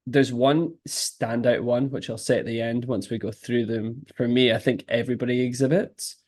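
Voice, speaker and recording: Casting note: laid-back, joking male co-host in his twenties, mid-pitched voice, a bit rambling. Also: no room sound. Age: 20s. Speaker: podcast co-host. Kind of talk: casual chat.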